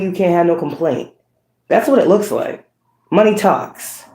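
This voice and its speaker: A woman hosting a casual ranting monologue, blunt and profane, laughing between points and swinging from slow low tones to sharp high outbursts. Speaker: spiritual livestream host. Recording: echoey room.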